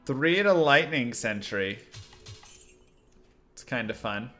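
A man's voice: medium pitch, lively intonation, slow, a bit bright, soft background music. A man casually commenting on his gameplay during a live stream, chatty and rambling with frequent laughs. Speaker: game streamer.

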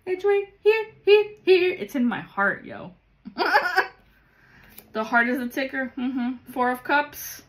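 A woman's voice: on the high side, pushed and bright. A woman giving a casual tarot reading to viewers, emphatic and blunt, swearing often and calling the listener baby. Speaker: tarot reader.

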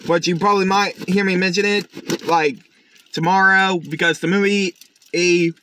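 A man's voice: sits high, steady tone, moderate pace, bright, forceful tone, slight background noise. A tired man chatting casually and rambling as he hosts an unboxing vlog. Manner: chatty, rambling, with restarts and fillers. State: tired, up since early morning. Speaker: YouTube unboxing host.

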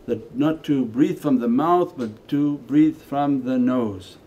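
A man teaching as a Sufi teacher in a spiritual lecture, talking conversationally and moving between quiet asides and emphatic lines. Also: medium pitch, takes it slowly, lo-fi sound. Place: meditation center hall.

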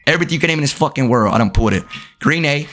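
A man live-streaming a video game, cursing and trash-talking at his chat, with sudden yelled outbursts. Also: medium pitch, expressive, very fast, soft background music. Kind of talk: casual live-stream commentary while gaming.

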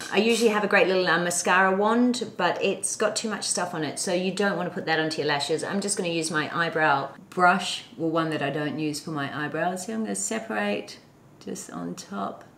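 A woman's voice: on the low side, a bit bright, a little hiss or hum. Chatty middle-aged woman teaching makeup. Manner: chatty, instructive, talks while applying makeup. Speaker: beauty vlogger. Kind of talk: makeup tutorial. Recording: echoey room.

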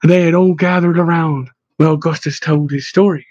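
A man's voice: a little high, fairly even intonation, a little fast, darkish tone, no echo. Man reading a storybook aloud. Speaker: audiobook narrator. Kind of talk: storybook narration. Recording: dull lo-fi dry recording.

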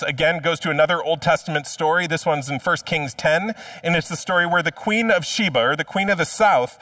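A man's voice: medium pitch, fairly bright tone, dry recording, studio quality. A male pastor preaching a sermon in a conversational, humorous storytelling manner, heard from a distant mic.

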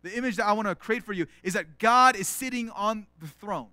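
A man's voice: sits high, brisk, sharp tone, dry recording, clean studio sound. A man, a pastor, preaching an earnest sermon, often acting out prayers as quoted speech and repeating words as he starts sentences. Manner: acts out prayers in quoted voices.

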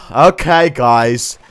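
A young man giving excitable gameplay commentary, yelling, laughing and reacting loudly. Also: mid-range voice, extremely slow, heavy background noise. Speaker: gaming commentator. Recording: game music and sounds behind.

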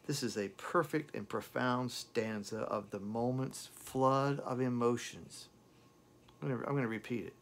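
A man reviewing a song, who recites its lyrics slowly and dramatically and repeats words as he talks. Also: medium pitch, creaky. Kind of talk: impassioned lyric recitation and commentary.

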